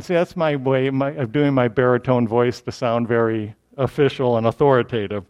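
A man giving a Bible lesson, explaining in an animated way with frequent restarts. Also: mid-range voice, moderate pace, hardly any pauses, clean tone. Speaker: Bible teacher. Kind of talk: scripture lesson.

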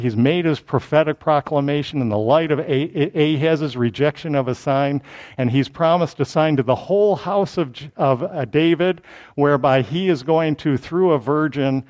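A man giving a Bible lesson, explaining in an animated way with frequent restarts. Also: mid-range voice. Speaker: Bible teacher. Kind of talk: scripture lesson.

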